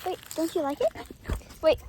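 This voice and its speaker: A woman's voice: extremely high pitch, moderate pace, mellow, slight background noise. A young girl playing outdoors with her dog, coaxing and chatting to him in a playful sing-song voice. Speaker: dog owner. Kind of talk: casual vlog talk to a dog. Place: outdoors in a yard.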